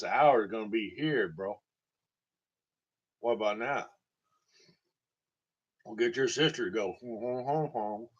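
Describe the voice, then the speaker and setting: This Tennessee man, a storytelling vlogger, wanders through funny tales and cracks himself up along the way. He has a mid-range, slightly rough voice, and the lo-fi recording sounds dull.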